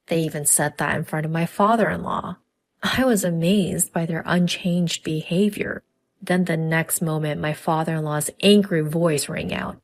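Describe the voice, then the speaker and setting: A woman telling a first-person family drama story in scripted, even narration. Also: sits low, moderate pace.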